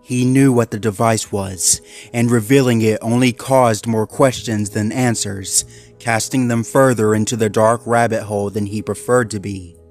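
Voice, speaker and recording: A man narrating a dark fan story in a steady, measured reading. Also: lowish voice, soft background music.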